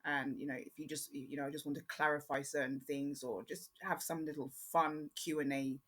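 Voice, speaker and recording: A woman born in Jamaica, speaking with an English accent, hosting her own podcast in a chatty, rambling way with frequent pauses. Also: sits low, flat delivery, fairly bright tone, breathy edge. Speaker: podcast host. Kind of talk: casual solo podcast chat.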